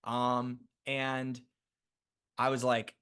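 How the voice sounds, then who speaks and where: A man, an actor and podcast guest, telling a long story in a chatty, animated way full of fillers and restarts. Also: mid-range voice, very slow, smooth. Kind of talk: casual storytelling interview.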